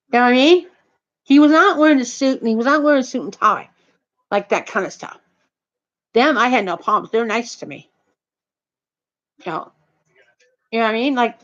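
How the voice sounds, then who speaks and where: A woman's voice: fairly high pitch, a bit bright. A woman casually retelling a heated personal anecdote, rambling and repeating herself. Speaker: storyteller. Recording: dull lo-fi recording.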